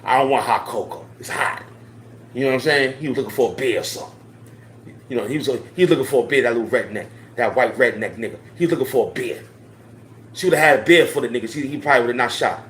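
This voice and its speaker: Man, impassioned commentary, slangy, repetitive, mid pitch, roomy echo. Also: quick pace, a bit bright, slight background noise. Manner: slangy, emphatic, repeating phrases. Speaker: online commentator.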